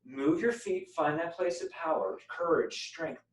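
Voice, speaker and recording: A man's voice: a little high, expressive, a little slow, echoey room, poor audio. A man leading a meditation workshop, playfully demonstrating phrases and changing his voice to model them. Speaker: meditation teacher. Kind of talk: guided group workshop.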